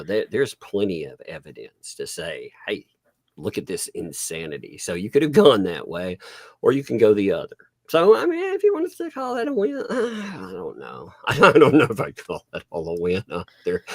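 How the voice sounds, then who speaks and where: A man's voice: medium pitch, a little mellow, no echo. A man hosting a live stream, chatting casually, rambling with fillers and laughing often. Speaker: host.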